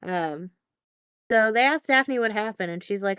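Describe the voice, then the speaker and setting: A woman's voice: mid-range voice, lively intonation, measured pace, fairly bright tone, smooth, no echo, dull audio. A woman co-hosting a podcast, recapping a film in a casual, rambling way full of fillers and dry asides. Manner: rambling, filler-heavy, wry. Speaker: podcast co-host.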